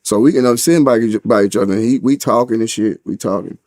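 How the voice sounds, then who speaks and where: A man's voice: fairly low pitch, fast, darkish tone. A man from St. Louis with a St. Louis accent, telling a story as an interview guest, full of slang and cursing, and raising his voice when he acts out what people said. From St. Louis, USA. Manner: street slang and heavy cursing, acts out quotes in a raised voice.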